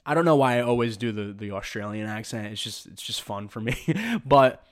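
A man's voice: mid-range voice, expressive, brisk. A man hosting a podcast, delivering emphatic, sarcastic opinion commentary. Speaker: podcast host.

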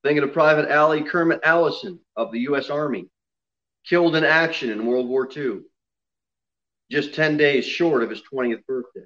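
A man preaching an expository sermon in a church, dropping low and quiet on solemn lines and rising loud on emphasis. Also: moderate pace, lo-fi sound. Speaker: pastor. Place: church sanctuary.

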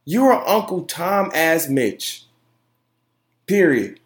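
A man's voice: mid-range voice, expressive, a little slow. A young man hosting his own opinion podcast, talking emphatically with lots of profanity, repeated phrases and fillers. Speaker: podcast host. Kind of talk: solo opinion podcast rant.

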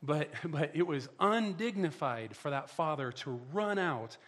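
A man's voice: fairly high pitch, animated, measured pace, fairly bright tone. A middle-aged man preaching a sermon as pastor, emphatic, often repeating words and asking the listeners "right?".

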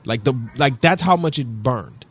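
A man from Detroit, co-hosting a podcast, telling a story in an animated, profane way and repeating himself for emphasis. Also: medium pitch, moderate pace, slightly rough. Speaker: podcast co-host. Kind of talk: casual chat.

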